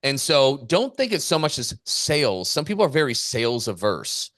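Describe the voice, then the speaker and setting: A man's voice: medium pitch, very animated, normal speed, a bit bright, no echo, clean studio sound. A man co-hosting a podcast as a business coach, talking in a fired-up, emphatic way and repeating his points for weight. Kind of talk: casual podcast chat.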